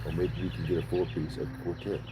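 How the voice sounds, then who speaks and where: A man's voice: low voice, flat delivery, fast talker, background noise. A man hosting a casual livestream, chatting playfully and telling a long joke. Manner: playful storyteller. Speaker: livestream host.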